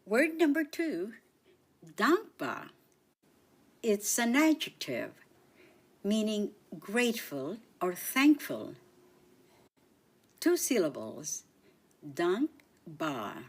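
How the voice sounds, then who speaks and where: A woman leads a radio language lesson in a bright, sing-song teaching voice. She speaks very slowly and draws out each word for listeners to repeat. Her pitch swoops up and down in a lively way. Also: breathy edge. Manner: cheerful, sing-song teaching delivery with drawn-out repetitions. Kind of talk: slow, clearly enunciated language lesson.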